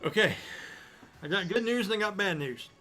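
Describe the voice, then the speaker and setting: A man running a tabletop game as game master, narrating scenes slowly and deliberately. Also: high voice, animated, bright, forceful tone, soft background music.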